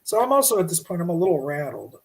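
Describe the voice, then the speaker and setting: Animated man telling a spooky story. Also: on the high side, fast, vocal fry, low-quality recording. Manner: animated, acts out his own shouting in stories. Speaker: guest storyteller. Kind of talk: casual storytelling on a podcast.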